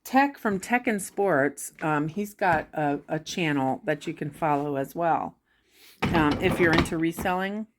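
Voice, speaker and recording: Slow, rambling woman vlogging from home. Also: sits low, very noisy. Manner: rambling, many fillers and restarts. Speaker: vlogger sharing reselling tips. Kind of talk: casual chat to camera.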